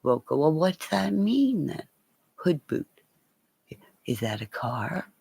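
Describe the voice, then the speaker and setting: A woman's voice: sits low, big pitch swings, measured pace, vocal fry, warm tone, husky, no echo. A woman rambling and swearing in a casual livestream chat with her viewers, laughing often.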